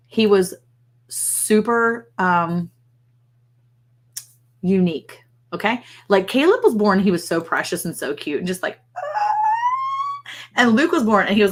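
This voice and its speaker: A middle-aged woman hosting a casual livestream chat, gushing and telling stories in a chatty, animated way. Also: mid-range voice, a little slow. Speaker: livestream host.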